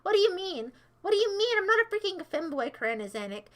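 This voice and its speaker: A woman's voice: extremely high pitch, very animated, fast talker, a bit bright. A young American woman livestreaming, casually rambling and teasing her chat with sarcastic remarks.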